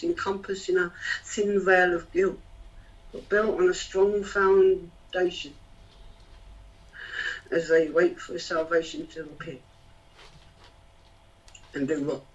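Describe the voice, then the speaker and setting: A man's voice: high-pitched, takes it slowly, pauses often. A man performing spoken word poetry in a rhythmic, rhyming, emotional delivery. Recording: distant, dull lo-fi sound.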